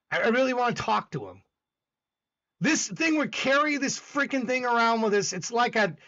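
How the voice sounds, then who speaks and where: Male host, intense and emphatic, high lively voice, lo-fi audio. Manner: intense, emphatic, rambling with repeated restarts. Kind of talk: casual livestream chat.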